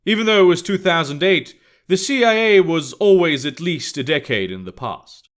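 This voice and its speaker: A man narrating an alternate-history story in a steady, matter-of-fact reading. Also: fairly high pitch, normal speed.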